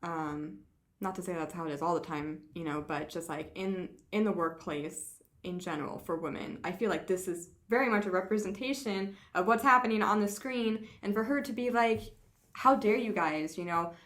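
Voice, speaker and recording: A woman's voice: lowish voice, moderate pace, a bit bright. Laughing woman podcast co-host. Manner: laughs often, enthusiastic, many fillers. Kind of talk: casual chat.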